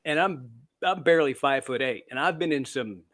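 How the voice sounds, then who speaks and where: At a slightly quick pace, this Canadian-born man speaks in a medium-pitched, fairly bright voice. As an interviewed author, he shares stories in a chatty, self-deprecating way with frequent fillers and restarts.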